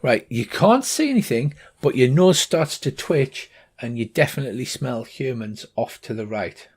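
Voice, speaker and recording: A man's voice: mid-range voice, expressive, moderate pace, a little mellow, husky. An older man narrating as game master in a tabletop game, with many hesitant fillers.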